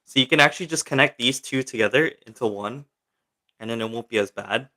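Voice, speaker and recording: A man's voice: mid-range voice, fairly quick, pushed and bright. A young man hosting a casual livestream, chatting loosely with viewers and reading their questions aloud, with lots of filler words. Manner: chatty and rambling, many fillers, reads chat questions aloud. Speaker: livestream host. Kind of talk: casual livestream chat, answering viewer comments.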